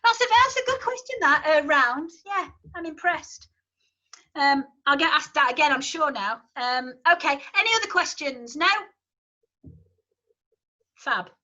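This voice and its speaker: A woman's voice: high voice, expressive, a little slow, long pauses, sharp tone, muffled recording. A woman with a Yorkshire accent, a choir leader explaining a song to her singers in a chatty, encouraging way. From Yorkshire, England. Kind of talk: online rehearsal instruction.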